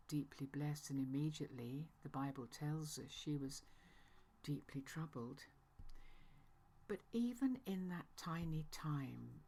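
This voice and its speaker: A woman giving a reflective talk at a church gathering, hesitant and thoughtful, with frequent pauses and restarts. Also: low voice, a little mellow.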